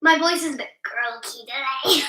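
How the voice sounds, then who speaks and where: A woman's voice: high-pitched, very animated, a little slow, fairly bright tone, reverberant. A young girl reading quiz questions at home, giggly and bursting into song. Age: child. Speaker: quiz helper reading and singing answers. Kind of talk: playful home quiz chat.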